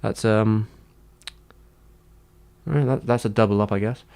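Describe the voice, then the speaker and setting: A man's voice: fairly low pitch, steady tone, a little slow, vocal fry, a little mellow. A man chatting casually on a livestream, answering his chat in a rambling, hesitant way with many fillers and restarts.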